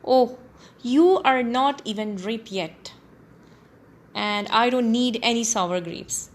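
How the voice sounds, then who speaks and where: Lady reading a proud fox brushing off grapes he can't get, dismissive, slow, a bit high. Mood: scornful.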